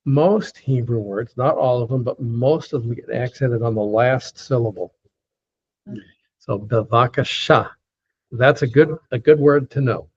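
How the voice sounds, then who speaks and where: Man, teacher, husky voice, patient slow repetition, dull lo-fi call audio. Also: mid-range voice, a little mellow. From United States. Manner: patient, repeats words slowly with fillers. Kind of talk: lecture teaching pronunciation.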